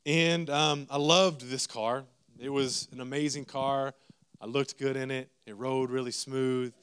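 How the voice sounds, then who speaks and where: A man, preaching a sermon as a lively, self-mocking story with asides to the congregation. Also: medium pitch, measured pace, smooth.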